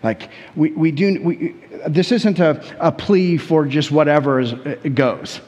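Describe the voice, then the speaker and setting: A man with an American accent preaching a sermon as a pastor, telling stories in a conversational, animated way with many repetitions. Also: fairly high pitch, a little slow, long reverb tail, lo-fi sound. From United States.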